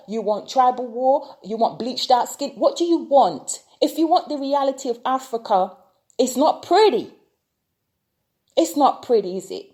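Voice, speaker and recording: She's a tarot reader and vlogger from the United Kingdom, ranting passionately in an opinion video and repeating rhetorical questions throughout. Her voice is on the high side with a darkish tone.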